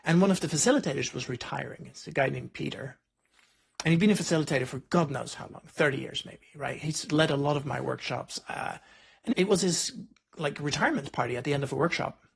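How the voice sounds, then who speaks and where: A man's voice: a little high, fast, creaky, breathy edge. A man hosting a podcast interview, telling stories in a reflective, conversational way. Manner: reflective, storytelling, frequent "like" and "right?". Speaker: podcast host.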